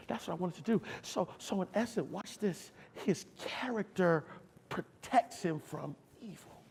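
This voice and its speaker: Man, keynote speaker, high voice, gravelly, motivational, call and response. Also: moderate pace, slight background noise. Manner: animated preacher-like delivery, call and response.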